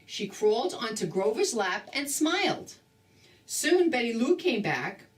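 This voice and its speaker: Older woman, storybook reader, from New Jersey, expressive, lively pitch, recorded from a distance. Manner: slow, expressive grandmotherly reading. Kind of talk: reading a children's book aloud.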